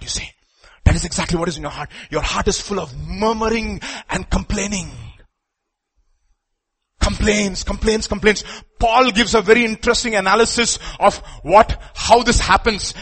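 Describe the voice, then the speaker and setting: A man's voice: high-pitched, fairly bright tone. A man preaching a sermon to his congregation, with emphatic outbursts. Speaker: pastor.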